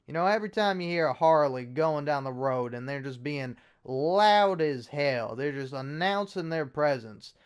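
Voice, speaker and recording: A man doing a proudly ignorant Southern redneck who brags and curses with crude swagger. The voice sits a little high and sounds smooth and clear. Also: natural voice.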